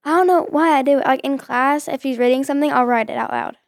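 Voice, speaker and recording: A woman's voice: high-pitched, fast, gravelly, dry recording, clean studio sound. A young woman, a daughter co-hosting a family chat, talking in a teasing, chatty way. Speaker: co-host, daughter.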